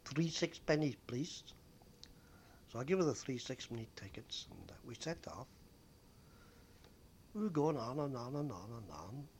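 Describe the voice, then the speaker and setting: Older Englishman reminiscing, unhurried. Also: medium pitch, very animated, a little mellow, a little hiss or hum. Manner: rambling, with frequent pauses and fillers. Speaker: former bus conductor. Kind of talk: oral history reminiscence.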